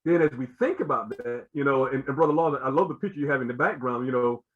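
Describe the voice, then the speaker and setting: A man's voice: mid-range voice, fast. Earnest man talking over dull lo-fi audio. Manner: earnest, repeats himself, many "you know" fillers. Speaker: guest speaker. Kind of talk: explanatory talk on a show.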